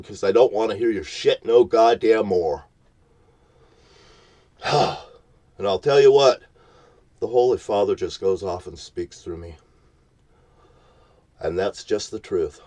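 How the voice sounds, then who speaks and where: A man's voice: fairly low pitch, slow pace, pauses often, warm tone. A man ranting at the camera from his parked vehicle in a profane, threatening, preachy tone. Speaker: vlogger.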